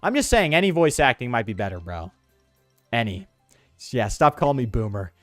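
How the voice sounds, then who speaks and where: A joking, slangy male streamer whose pitch bounces all over as he riffs on the game. His voice sits dry and close to the mic, with faint game music underneath. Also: very animated, normal speed, fairly bright tone, no room sound. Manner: joking, self-mocking, slangy, breaks into character voices. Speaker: gaming streamer. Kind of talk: casual gameplay commentary.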